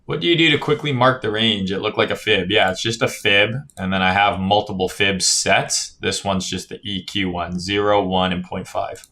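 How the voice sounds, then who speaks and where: A man with a low, steady, sharp-toned voice talks at normal speed with hardly any pauses while streaming casual crypto chart analysis. He sounds tired and keeps yawning, swearing loosely, reading viewer comments aloud, and tagging lines with "right?"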